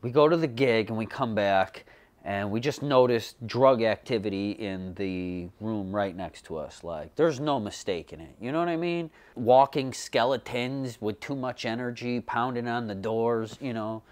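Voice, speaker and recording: A man hosting a homemade comedy show, rambling profanely through jokey stories and putting on quick voices. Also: medium pitch, a little mellow. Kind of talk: comedic monologue. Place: bedroom.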